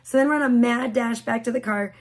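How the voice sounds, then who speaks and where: A woman's voice: a little high, a little fast. A woman live streamer telling a story in a rambling, frazzled way and swearing freely. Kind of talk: casual storytelling on a livestream.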